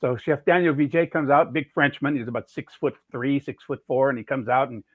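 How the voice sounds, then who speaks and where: A middle-aged chef from California tells his career story casually, slipping into the voices of people he quotes. His voice sits at an ordinary pitch. It comes through a thin, phone-like line with no room echo. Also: steady tone, fairly quick. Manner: rambling anecdotes with quoted dialogue. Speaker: chef, podcast guest. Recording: tinny phone-like dry sound.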